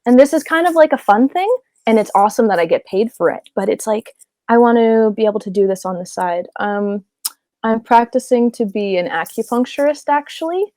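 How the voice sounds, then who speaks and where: Giggly, rambling woman with a bright voice. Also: a little high, expressive, brisk, dry recording. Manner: rambling, giggly, wanders off on tangents. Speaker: guest voice actress. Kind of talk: casual interview chat. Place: home closet voice booth.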